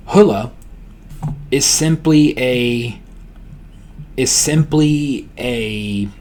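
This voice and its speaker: Chill guy teaching vocab, says words over and over, keeps asking "okay?", mid-pitch voice. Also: breathy edge. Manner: relaxed, repeats words slowly and checks in with "okay?". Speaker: language tutor. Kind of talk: casual spoken language lesson.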